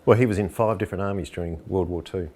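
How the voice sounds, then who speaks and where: A man's voice: low voice, fast, heavy background noise. A man conducting a documentary interview, chatty and explaining at length.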